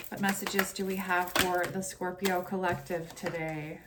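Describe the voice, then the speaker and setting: A woman's voice: on the low side, flat delivery, unhurried, hardly any pauses, very noisy. Woman tarot reader, chatty and casual, recites protective prayers. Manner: chatty, with many asides like "you know" and "right?". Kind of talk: casual chat and tarot reading.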